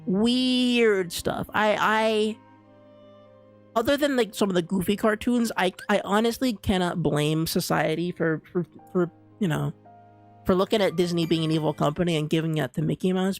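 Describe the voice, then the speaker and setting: Excitable streamer rambling on a live stream, trips over words a lot, faint music in the back. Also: medium pitch, moderate pace. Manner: rambling, stammering restarts, excitable. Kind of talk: casual stream chat.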